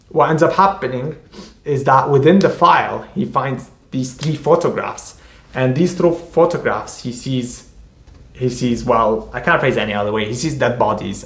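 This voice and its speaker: A man, an author, describing his novel in a casual, rambling way, full of halting restarts and fillers. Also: mid-range voice. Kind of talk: casual book discussion. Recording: echoey room.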